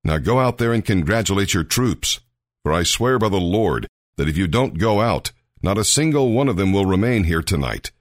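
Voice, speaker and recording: A man's voice: sits low, animated, moderate pace, no room sound, clean studio sound. A man reading a stern, blunt army commander. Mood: scolding.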